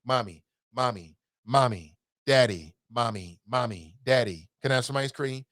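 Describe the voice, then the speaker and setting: A man's voice: mid-range voice, normal speed, fairly bright tone, dry recording, studio quality, lightly acted. A man mimicking a small child who whines and begs his parents over and over in a repetitive, nagging chant.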